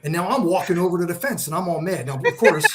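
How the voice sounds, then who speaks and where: Man, casual storyteller, slightly higher pitch, faint room ambience. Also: quick pace, noisy background. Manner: animated storyteller, acts out quotes. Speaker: charity founder, guest.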